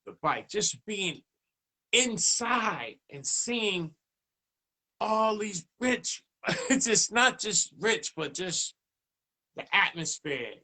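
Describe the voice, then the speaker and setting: A man tells stories as a DJ guest in a relaxed interview. His voice sits a bit high and bright, and it jumps up when he plays out other people's lines. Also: very slow, pauses often. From Boston, USA. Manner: animated, acts out dialogue in raised voice. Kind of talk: casual storytelling interview.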